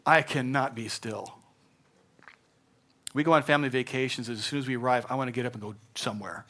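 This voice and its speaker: An older man preaching a sermon in an earnest, conversational way, moving between hushed and emphatic delivery. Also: mid-range voice, fairly even intonation, a little fast. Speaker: pastor.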